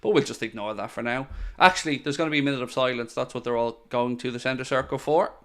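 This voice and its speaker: A man's voice: mid-range voice, quick pace. A man hosting a live football watchalong, chatting eagerly with viewers and calling the build-up to kickoff. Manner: excitable, pleading, chatty with viewers. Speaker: watchalong host.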